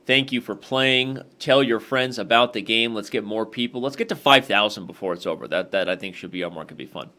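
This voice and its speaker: Chess guy talking through moves to viewers, lowish voice, punchy and bright. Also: quick pace, hardly any pauses. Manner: analytical, talks straight to the viewers. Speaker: chess master hosting an online game. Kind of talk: casual thinking-aloud analysis.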